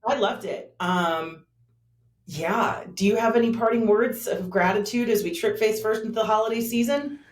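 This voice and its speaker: A woman's voice: mid-range voice, moderate pace. A woman co-hosting a casual podcast, upbeat, playful and enthusiastic. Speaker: podcast co-host. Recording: roomy echo.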